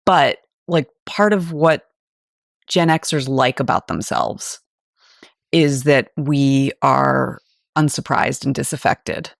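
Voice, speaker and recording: A woman's voice: a bass voice, lively intonation, slow, creaky, dry recording, studio quality. A woman in her forties, a podcast co-host, talking through her opinions in a thoughtful, candid chat. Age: 40s. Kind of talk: casual discussion.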